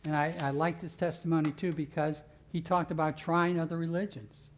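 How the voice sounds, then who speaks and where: A man's voice: on the high side, flat delivery, fairly quick, slight background noise. A man preaching a sermon as pastor, leading his congregation in call-and-response and closing in earnest prayer. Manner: builds to loud fervent call-and-response, then earnest prayer.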